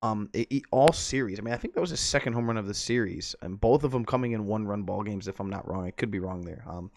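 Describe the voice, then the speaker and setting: A man co-hosting a sports podcast, talking through the game in a measured, analytical way. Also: on the low side, dry recording. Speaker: podcast co-host. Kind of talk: casual sports chat.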